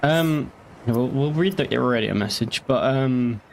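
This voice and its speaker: A man's voice: mid-range voice, unhurried, slight background noise. A young man with a northeast English accent chatting casually on a game stream, rambling, swearing and answering chat. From northeast England.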